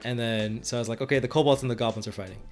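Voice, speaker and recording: A man's voice: mid-range voice, fairly even intonation, rapid-fire, a little mellow, faint music behind. A man co-hosting a podcast and retelling his tabletop game sessions as game master, rambling with frequent restarts and laughs. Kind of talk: casual chat.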